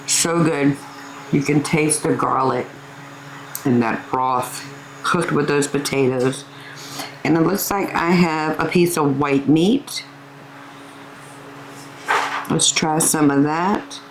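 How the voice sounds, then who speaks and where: A woman's voice: low voice, slow pace, pauses often, a little hiss or hum, poor audio. Homey older woman. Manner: homey, calls viewers "family", tastes and savors food. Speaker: cooking channel host. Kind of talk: casual cooking vlog.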